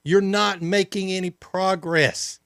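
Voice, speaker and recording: A man's voice: high-pitched, steady tone, takes it slowly, vocal fry, a bit bright, clear, resonant tone, no echo, studio quality. A man hosting a talk show, bantering easily and laughing often. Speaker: host. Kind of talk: casual chat.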